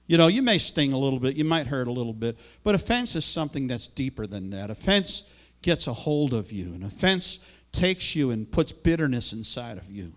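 A man's voice: medium pitch, sing-song, normal speed. A man preaching a sermon with fervent, rising and falling emphasis, now and then asking for the next slide.

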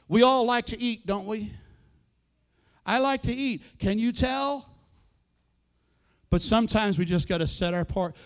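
High-voiced pastor preaching a sermon. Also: male voice, smooth. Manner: conversational preaching with rhetorical questions and quoted asides.

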